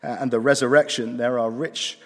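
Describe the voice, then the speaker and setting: Guy preaching, chatty with dry jokes, slows down on key words, echoey hall. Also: mid-range voice, steady tone, fairly bright tone. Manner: conversational, dry humour, slows for emphasis. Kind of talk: sermon. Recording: long hall reverb.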